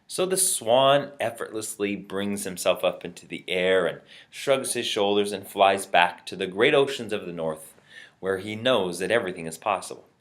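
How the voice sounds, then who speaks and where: A man's voice: low-pitched, moderate pace. A man giving a short, upbeat motivational talk, telling a fable in a friendly storytelling way. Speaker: motivational speaker.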